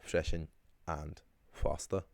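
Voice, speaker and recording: A gravelly, very deep male voice with fairly even intonation explains points of the Irish language casually. The teacher is chatty and meandering, full of ums and self-corrections, captured in a close, dry recording.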